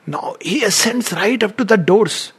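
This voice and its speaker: A man's voice: sits high, lively intonation, unhurried, vocal fry, breathy edge. A man giving a storytelling lecture on scripture, retelling a myth and acting out the quoted lines with animation. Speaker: spiritual lecturer.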